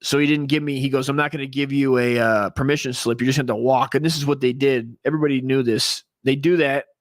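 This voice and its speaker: A man's voice: mid-range voice, steady tone, fast. Male podcast host, loose and profane, rambles through stories with plenty of fillers. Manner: earnest when he gets serious. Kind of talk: casual storytelling.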